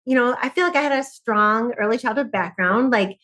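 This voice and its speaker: Middle-aged woman, slightly high voice, animated storyteller, podcast guest, quick to laugh.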